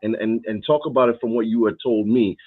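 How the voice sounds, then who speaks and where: A man's voice: medium pitch, fairly quick, breathy edge. A man hosting a podcast interview, earnest and stumbling over repeated words. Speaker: podcast host. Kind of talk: interview conversation. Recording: tinny phone-like line.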